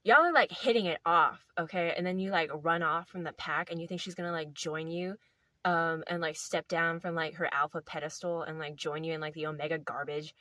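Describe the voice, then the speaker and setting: A woman's voice: low voice, flat delivery, a little fast, sharp tone, no echo. A young woman casually telling a playful story to camera, rambling with lots of filler words. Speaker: video host.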